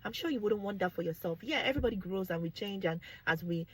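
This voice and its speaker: Animated Nigerian woman, husky voice. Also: medium pitch, fast, poor audio. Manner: animated, exclaims and laughs, drops into pidgin. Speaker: vlogger. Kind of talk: candid talk to camera.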